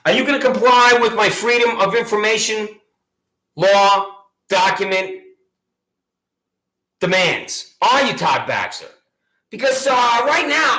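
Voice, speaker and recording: A man's voice: extremely high pitch, lively intonation, measured pace, sharp tone, echoey room, rough recording. A man delivering a mocking, badgering monologue at a sheriff, repeating taunting questions. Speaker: local gadfly taunting a sheriff. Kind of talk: ranting monologue addressed to a sheriff.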